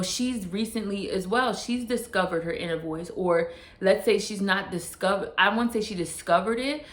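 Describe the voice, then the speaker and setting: A woman vlogger giving earnest, casual life advice straight to the viewer, often repeating and restarting her phrases and dropping in slang. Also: medium pitch. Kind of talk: casual motivational talk to camera. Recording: roomy echo.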